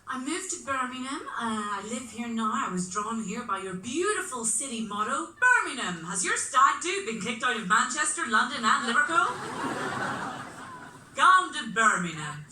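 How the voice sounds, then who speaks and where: A woman's voice: fairly high pitch, sing-song, measured pace, pushed and bright, slight background noise. A woman with a middle-class Belfast accent performing a live stand-up set on a club stage, wry and self-mocking with punchy delivery. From Belfast, Northern Ireland. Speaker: stand-up comedian. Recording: echoey club room from far off.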